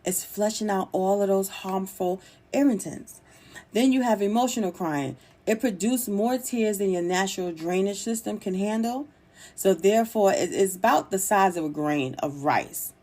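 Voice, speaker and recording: A woman's voice: medium pitch, moderate pace, darkish tone. Chatty, encouraging woman podcast host. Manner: chatty, encouraging, laughs easily. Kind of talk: solo podcast talk.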